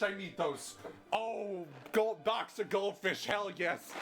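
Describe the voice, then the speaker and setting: Male game streamer, high and bright, excitable, shouts his cheers. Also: slow, faint music behind. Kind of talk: live game playthrough reading and reacting.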